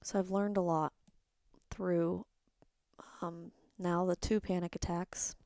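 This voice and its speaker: A woman's voice: on the low side, level tone, slow pace, mellow, dry recording, clean studio sound. A woman hosting a personal solo podcast, talking candidly and rambling, sometimes dropping into a whisper. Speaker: podcast host.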